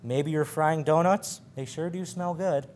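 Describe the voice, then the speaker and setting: A man's voice: a little high, a little slow, darkish tone, natural voice. A man voicing a bargaining steamboat captain who roars and coaxes. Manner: roaring, coaxing.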